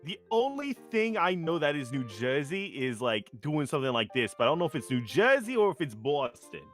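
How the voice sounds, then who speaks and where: Hyped voice actor cohost, lively pitch, lots of "like", faint music under it. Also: a little fast. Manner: excitable, rambling, lots of "like" and restarts. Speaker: podcast co-host, voice actor. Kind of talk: casual chat with live audition reads.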